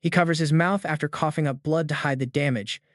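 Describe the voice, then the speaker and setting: A man with a slightly high voice reads a comic story recap as scripted narration. He tells it in a dramatic, even-paced way. The recording is close and dry, with no room sound. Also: a little fast, no room sound.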